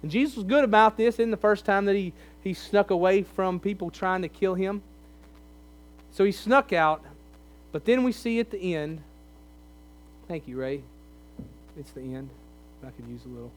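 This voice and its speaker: A man's voice: high voice, animated, moderate pace, long pauses. A man preaching a sermon, conversational and emphatic as he reads and explains scripture. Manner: conversational, emphatic, pleading in places.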